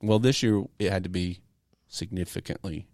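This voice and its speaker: A man co-hosting a youth ministry podcast, telling stories in a relaxed casual chat. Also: sits low, moderate pace, no room sound. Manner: relaxed storytelling, easy laughs. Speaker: podcast co-host, youth pastor.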